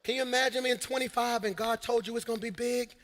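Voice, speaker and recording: A man preaching in a large church hall, with a high, bright, cutting voice. He works the crowd and builds to shouted peaks. A long reverb trails every line. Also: fast. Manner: energetic preaching with shouted peaks and call-and-response asides. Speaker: senior pastor. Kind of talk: live sermon.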